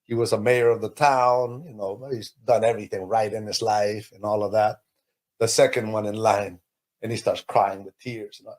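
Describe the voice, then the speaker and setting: A man from Peru, a podcast guest, telling a personal testimony in an animated, emotional way, his voice rising sharply at the moments that move him. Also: normal speed. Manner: animated, emotional storytelling with sudden high pitch lifts.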